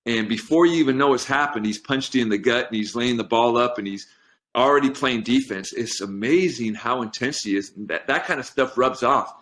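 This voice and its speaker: A man's voice: mid-range voice, a little fast, fairly bright tone. A middle-aged man, a strength coach, telling personal stories in a casual interview and turning emotional about them. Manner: earnest storytelling, gets emotional. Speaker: podcast guest, strength coach.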